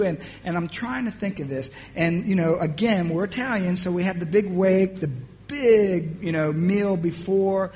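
Male preacher, high tenor, soft-spoken testimony, acts out the dialogue, faint hiss behind. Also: normal speed. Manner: storytelling, acting out dialogue, often dropping to a hushed voice. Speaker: pastor. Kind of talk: personal testimony in a sermon.

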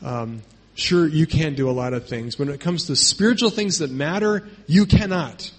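A man's voice: fairly high pitch, normal speed. A man preaching a sermon in a conversational way, often checking in with "right?" and acting out quotes with emphasis. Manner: emphatic, acts out quotes in raised voice. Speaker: pastor.

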